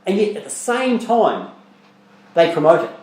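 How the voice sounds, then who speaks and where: A man's voice: high-pitched, sing-song, moderate pace, a little mellow, reverberant, poor audio. A man preaching a sermon as pastor, talking conversationally with rhetorical questions and repeated words, and reading scripture aloud in old-style English. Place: church.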